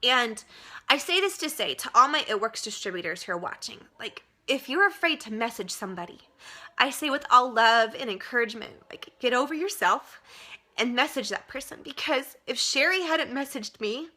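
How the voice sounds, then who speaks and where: A woman's voice: a little high, animated, moderate pace, pushed and bright. A young woman sharing an earnest, emotional personal testimonial as a direct-sales distributor, with many fillers, turning tearful as she talks. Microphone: webcam.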